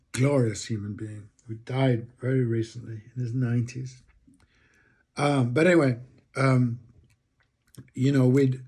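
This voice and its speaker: A man's voice: medium pitch, warm tone, husky. A man giving a reflective, rambling monologue, thinking aloud with frequent restarts.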